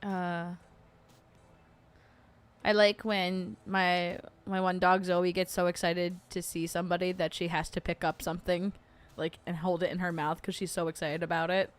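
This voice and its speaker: A woman's voice: on the low side, level tone, moderate pace. A young adult woman hosting a casual livestream, rambling with lots of fillers and frequent giggles. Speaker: host.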